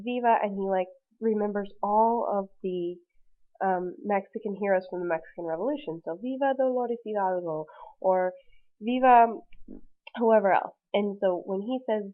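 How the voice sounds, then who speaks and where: Woman teacher, tinny lecture audio. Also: mid-range voice. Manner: chatty, many ums and restarts. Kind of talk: recorded class lecture.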